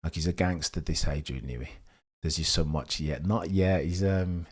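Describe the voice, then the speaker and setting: A man's voice: a bass voice, moderate pace, husky. A man hosting a live sports watch-along stream from home at night, chatting theatrically with his viewers. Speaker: livestream host.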